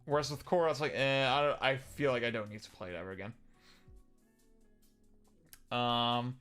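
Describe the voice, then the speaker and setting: A man's voice: medium pitch, steady tone, normal speed, a bit bright, clear, resonant tone, soft background music. A young man chatting casually on a livestream, answering viewer comments in a rambling way, with lots of fillers, restarts and casual swearing. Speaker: livestream host.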